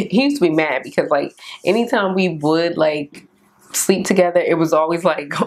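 A young woman vlogger telling a candid storytime about her dating life in a casual, animated way, acting out both sides of the conversation. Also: fairly low pitch. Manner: candid and animated, quotes others in raised voice. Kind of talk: storytime vlog, casual chat.

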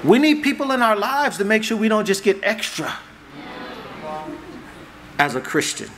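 A man preaching a sermon as pastor, conversational and animated, acting out little dialogues for the congregation. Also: sits high, normal speed, noisy background. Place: church hall.

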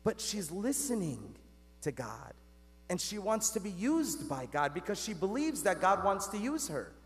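A man delivers a homily from the pulpit in a high voice that swoops up and down with animated energy. He keeps it conversational, asking the congregation questions and calling them "guys." A long church reverb trails behind every phrase. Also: unhurried. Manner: conversational, talks straight to the congregation with rhetorical questions. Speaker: Catholic priest. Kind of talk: sermon.

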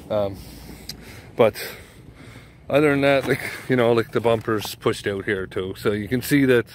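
A middle-aged man vlogging casually outdoors, rambling with lots of fillers and calling his viewers folks. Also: medium pitch. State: out of breath. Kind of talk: casual vlog narration. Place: outdoors in snow. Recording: faint outdoor noise. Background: outdoor ambience, vehicle noise.

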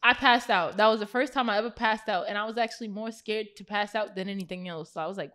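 A young woman guest on a podcast, casually telling a lively, slangy story and laughing as she goes. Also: medium pitch, quick pace, hardly any pauses. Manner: animated, slangy, laughs through her story.

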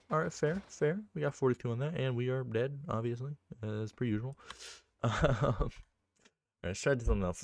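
A man's voice: lowish voice, dry recording. A man giving casual, rambling gameplay commentary on a map he built, upbeat and full of fillers and restarts. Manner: upbeat and easily excited. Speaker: game map creator and video creator.

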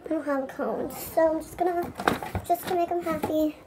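A careless, lazy girl squishy seller, played by a woman who mutters to herself and shrugs off every mistake. Her voice sits very high. She talks in an offhand, couldn't-care-less way. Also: steady tone, moderate pace, noisy background, lightly acted.

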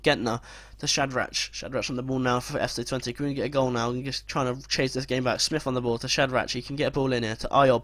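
Young man, gaming commentary, rapid play-by-play, sudden sweary outbursts, dry close sound. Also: mid-range voice, a bit bright, no room sound. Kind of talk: let's play commentary of a football sim.

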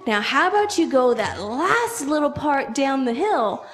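A woman voicing a patient mother who gently reassures her child. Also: high voice, sing-song, measured pace, heavily acted. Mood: encouraging. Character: patient encouraging young mother.

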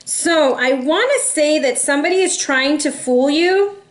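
A woman giving a casual tarot reading to viewers, chatty and animated, calling her audience y'all and slipping in a few Spanish words. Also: high-pitched, unhurried. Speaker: tarot reader.

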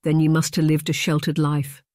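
A narrator doing a brooding Scottish Highlander. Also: completely flat delivery, normal speed, warm tone, dry recording, studio quality, lightly acted. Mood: steady. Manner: commanding, blunt, dialect words. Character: brooding giant Highlander man, commanding. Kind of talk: audiobook character voice.

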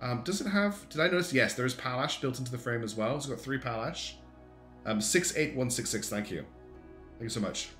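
A man's voice: mid-range voice, animated, a little fast, a bit bright. A man giving casual livestream commentary, chatty and thinking aloud with lots of ums and restarts. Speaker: streamer reviewing community game designs. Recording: roomy echo with faint guitar music behind.

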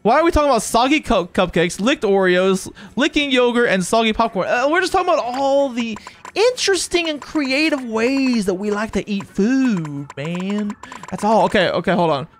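A streamer chatting casually during a live gaming session, excitable and rambling, often stammering and repeating words. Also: mid-range voice, moderate pace, faint music behind.

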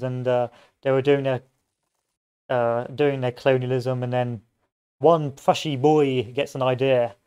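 A man's voice: medium pitch, dark tone, clean tone. A man giving casual gameplay commentary, rambling off into history tangents and joking asides. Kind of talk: casual let's-play commentary.

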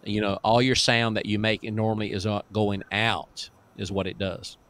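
Male pastor, lower voice, folksy chuckling storyteller, emphatic deliverance preaching. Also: flat delivery, moderate pace, a bit bright.

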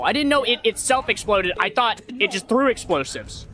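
A gaming host chatting over a voice chat mic with friends, panicking loudly, screaming and joking crudely. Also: medium pitch, very animated, normal speed, few pauses. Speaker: channel host playing with friends. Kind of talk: excitable gaming commentary.

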